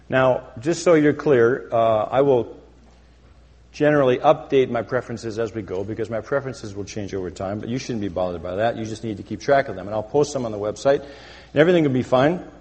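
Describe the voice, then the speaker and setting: A man preaching a satirical sermon as a pastor, mock-pompous and deadpan self-important, speaking to a congregation in a church sanctuary. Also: medium pitch, slightly rough. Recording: long hall reverb.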